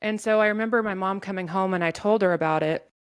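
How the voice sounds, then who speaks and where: A woman telling a painful personal story in an interview, in a halting way with many restarts. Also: medium pitch, clear, resonant tone. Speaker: guest sharing her story.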